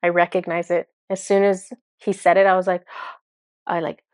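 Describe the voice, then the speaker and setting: A woman's voice: on the low side, little pitch movement, normal speed, darkish tone, clean tone, dry recording, clean studio sound. A woman speaking as a spiritual channeler in a casual, enthusiastic monologue full of fillers. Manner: chatty, filler-heavy, enthusiastic.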